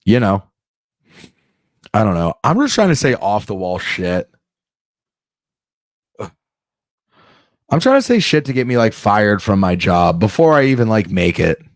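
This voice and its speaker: A man's voice: lowish voice, sing-song, unhurried, long pauses, no room sound, clean studio sound. A man doing a rambling comedic monologue, often breaking off and restarting mid-sentence. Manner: rambling, self-interrupting, off-the-cuff.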